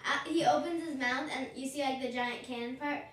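A woman's voice: high voice, fairly even intonation, brisk, fairly bright tone. A woman playing in a tabletop game, talking in a playful, giggly way. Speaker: player. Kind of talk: casual tabletop game chat. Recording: echoey, distant mic, faint noise.

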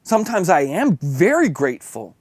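A man's voice: fairly high pitch, sing-song, normal speed, a little mellow, dry recording, clean studio sound. A man preaching an earnest, confessional devotional sermon that builds to fervent emphasis.

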